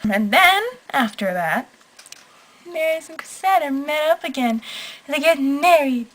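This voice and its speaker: A woman's voice: high voice, animated, unhurried, fairly bright tone, low-quality recording. A young woman talking into her camera at home at night, gushing and emotional, rambling with lots of "like"s. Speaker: vlogger. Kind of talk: late-night vlog rant.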